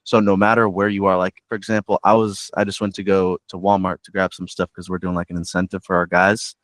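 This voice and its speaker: Low-voiced man chatting casually. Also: brisk, no room sound. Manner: relaxed, uses filler "like". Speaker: insurance agent guest. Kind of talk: casual chat.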